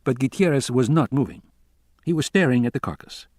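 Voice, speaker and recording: A man's voice: medium pitch, brisk, a little mellow, dry recording, clean studio sound. A man reading a novel aloud as an audiobook narrator, telling it steadily. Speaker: audiobook reader.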